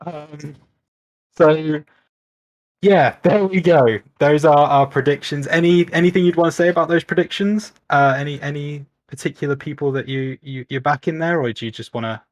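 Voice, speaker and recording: A man's voice: a little high, normal speed, no echo. A man from the UK with a British accent, hosting and casting a casual esports league stream in an upbeat, chatty, self-mocking way. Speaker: league host and caster.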